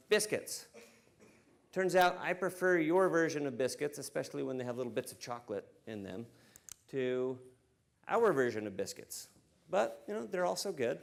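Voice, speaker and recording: An American man speaking at a conference, relaxed and joking, with frequent fillers. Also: fairly high pitch, gravelly. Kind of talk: conference keynote talk. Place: conference stage before an audience.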